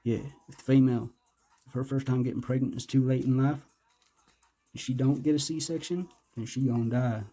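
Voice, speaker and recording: A man's voice: mid-range voice, steady tone, moderate pace, warm tone. A man doing casual, rambling unboxing commentary, joking, hyping himself up and cursing. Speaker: vlogger.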